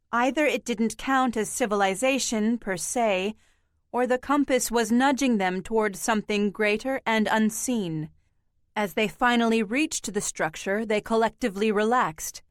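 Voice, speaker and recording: A woman narrating an audiobook in a slow, measured, even reading. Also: a little high, no echo, clean studio sound. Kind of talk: scripted narration.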